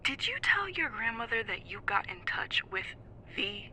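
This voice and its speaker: A teasing, upbeat young best friend with a very bright, sharp voice. Her pitch swoops around playfully as she jokes and cheers her friend on. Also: very animated, normal speed, husky, no room sound, heavily acted, rough recording. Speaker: supportive friend. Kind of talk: audio drama acting.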